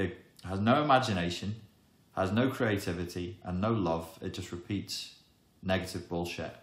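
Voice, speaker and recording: A man gives an emphatic self-help talk, wry in tone and fond of dramatic pauses. His voice sits very low. The sound is roomy and echoing. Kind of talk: explanatory monologue to camera. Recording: echoey room.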